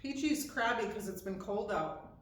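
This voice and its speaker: A woman's voice: medium pitch, lively intonation, normal speed. A woman horse trainer giving hands-on instruction, explaining each step and checking in with "okay?" as she goes. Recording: echoey, distant mic with faint background noise.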